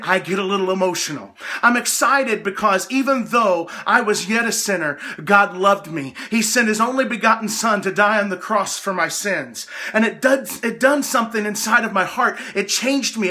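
A man preaches a devotional sermon with a high, bright, forceful voice. He is earnest and gets emotional, lifting his voice when he is excited. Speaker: hospice chaplain and preacher.

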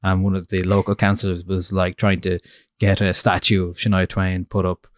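A man's voice: deep voice, completely flat delivery, normal speed, no echo, studio quality. An Irish man hosting a music podcast in casual chat, telling stories and often laughing. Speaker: podcast host.

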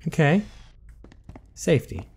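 A man's voice: takes it slowly, darkish tone, a little hiss or hum. A man giving jumpy horror game commentary, talking to himself and swearing when startled. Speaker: let's play commentator.

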